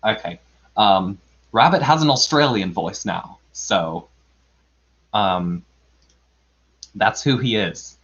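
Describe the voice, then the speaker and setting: A man's voice: fairly low pitch, animated, slow pace, pauses often, fairly bright tone, husky. A man hosting a live storybook reading, chatting casually and rambling as he narrates his own computer tasks, with self-deprecating chuckles. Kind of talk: casual livestream chat. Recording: dull lo-fi stream audio.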